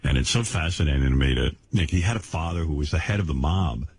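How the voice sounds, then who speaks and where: A man's voice: rumbling low, expressive, fast, a little mellow, a little hiss or hum. A man hosting a radio show, talking with callers in a wry, teasing way. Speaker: radio host. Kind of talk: casual radio talk.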